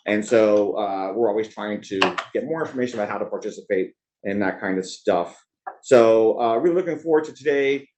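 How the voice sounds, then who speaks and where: A man's voice: fairly low pitch, fairly quick, muffled recording, noisy background. A man hosting a business event, giving rambling, conversational opening remarks that jump between asides. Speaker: event host and organizer.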